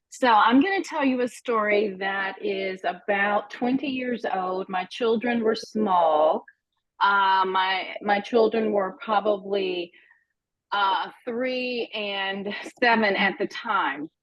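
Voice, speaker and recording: A middle-aged woman telling a personal story in a casual, animated, self-deprecating way. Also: medium pitch, slow pace. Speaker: guest storyteller. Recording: dull lo-fi sound.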